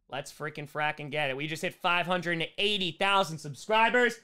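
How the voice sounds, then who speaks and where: Bright-voiced excitable sports streamer man. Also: fairly high pitch, normal speed, clear, resonant tone. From United States. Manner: excitable, bursts into shouting at big plays. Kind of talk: live play-by-play and chat reading.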